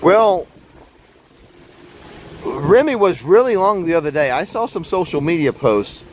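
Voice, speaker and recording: A man's voice: fairly high pitch, lively intonation, unhurried, darkish tone, poor audio. A man live-streaming a stroll outdoors in a theme park, chatting in a rambling way straight to his viewers beside a fountain. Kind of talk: casual live-stream chat. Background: wind and splashing water.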